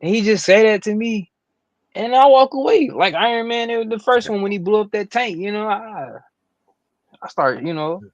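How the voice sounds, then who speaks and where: A man's voice: high-pitched, animated, moderate pace, dry recording, lo-fi sound. A man co-hosting a casual chat podcast, rambling with lots of filler phrases. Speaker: podcast co-host.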